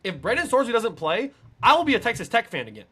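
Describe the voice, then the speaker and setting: Bright-voiced emphatic podcast guy. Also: very high-pitched, fast, slightly rough. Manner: emphatic, builds to excited peaks. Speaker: podcast co-host. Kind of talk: casual sports podcast chat.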